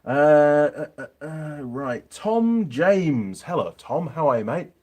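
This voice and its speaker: A man's voice: fairly high pitch, very animated, slow, a little mellow. Chatty Yorkshire man hosting a live stream. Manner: chatty, reads out viewer comments, frequent ums and filler. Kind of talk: casual live stream chat. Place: home workshop.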